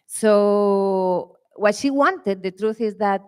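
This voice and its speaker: A woman from Spain with a strong Spanish accent, speaking English as a panelist at a conference, earnest and halting with frequent "eh" fillers. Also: medium pitch, a little mellow, smooth. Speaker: winery panelist. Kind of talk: conference talk. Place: conference room.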